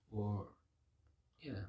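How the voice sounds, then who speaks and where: A man's voice: lowish voice, fairly bright tone. A man preaching an informal sermon, earnest and conversational, thinking aloud as he goes.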